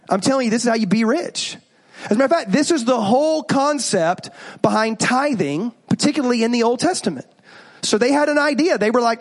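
A pastor in his thirties, with a high voice, delivers an animated sermon, cracking jokes, telling stories, and questioning the congregation.

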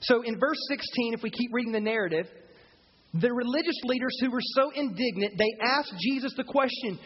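A man's voice: very high-pitched, brisk, husky. A male pastor preaching a live sermon to his congregation, asking them rhetorical questions. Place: church service. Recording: dull sound in a reverberant hall.

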